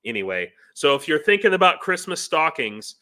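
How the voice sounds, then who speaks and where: A man's voice: a little high, sing-song, moderate pace, pushed and bright. An American man, a volunteer in Ukraine, talking loosely in a casual live-stream chat and chuckling between points. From United States. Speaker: guest, foreign volunteer in Ukraine.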